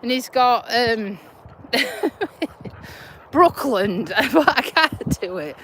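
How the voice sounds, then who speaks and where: Woman, Yorkshire-Lincolnshire accent, blunt and chatty, slightly high voice, outdoor phone live stream. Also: very animated, extremely slow, fairly bright tone, slight background noise. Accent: Yorkshire-Lincolnshire English. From Lincolnshire, England. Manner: chatty, laughing, broad and blunt. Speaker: vlogger, nurse. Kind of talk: casual live chat while walking a dog. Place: outdoors on a country walk.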